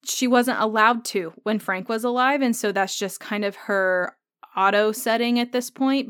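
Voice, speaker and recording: A woman's voice: medium pitch, fairly bright tone, clean tone, no room sound. Woman podcast host, conversational and musing, resonant tone in a dry booth sound. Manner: thoughtful, conversational, thinking aloud with fillers. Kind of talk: solo podcast episode discussion.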